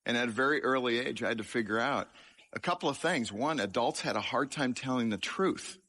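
A man's voice: medium pitch, a little fast, sharp tone. A man giving a sermon-style testimony about his childhood, telling it with humour and poking fun at himself. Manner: humorous, self-deprecating storytelling. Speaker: speaker sharing his life story.

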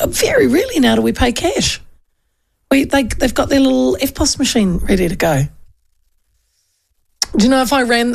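A woman's voice: mid-range voice, gravelly. A middle-aged woman hosting a talk show, chatting casually and telling rambling anecdotes with plenty of restarts and asides.

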